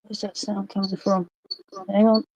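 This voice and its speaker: A woman's voice: medium pitch, level tone, normal speed, mellow, rough recording. An Australian woman hosting a casual livestream from her home workshop, chatting in a rambling way and greeting viewers by name over a phone microphone. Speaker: livestream host.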